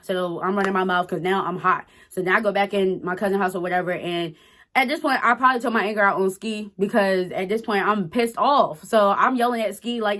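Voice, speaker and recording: A woman in her twenties, a storytime vlogger, tells a personal story to camera in a blunt, profane, emphatic way. Her mid-range voice is fairly bright and moves a little fast in this casual storytelling.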